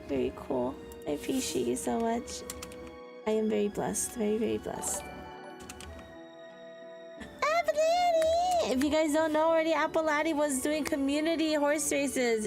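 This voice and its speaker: A woman streamer chatting excitedly with her live chat, bubbly and quick to laugh. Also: a little high, gravelly. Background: background music.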